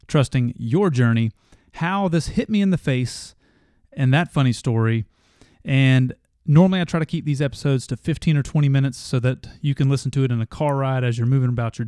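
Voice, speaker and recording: A man's voice: mid-range voice, a little fast, warm tone, clear, resonant tone, no echo, studio quality. A man in his thirties hosting a motivational podcast, telling a family story in an earnest way that grows passionate. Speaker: podcast host.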